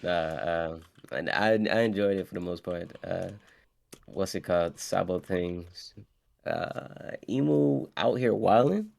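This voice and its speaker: Man, guest, very low voice, gravelly, hesitant, lots of uhs. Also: takes it slowly, a little mellow. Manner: hesitant, many "uh"s. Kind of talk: casual chat.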